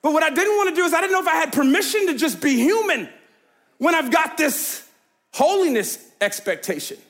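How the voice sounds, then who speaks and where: A man's voice: very high voice, big pitch swings, brisk, fairly bright tone. A man preaching a sermon as pastor, emphatic and conversational, calling out to the congregation and laughing easily.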